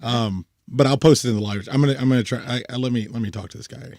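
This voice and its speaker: A man co-hosting a casual podcast chat, excitable and profane, laughing often. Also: mid-range voice, quick pace, no room sound, clean studio sound. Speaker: podcast co-host.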